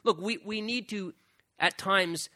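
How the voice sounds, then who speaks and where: A man's voice: sits high, slow, pushed and bright, no echo. A man preaching a sermon in a conversational way, retelling scripture in casual words and chuckling often.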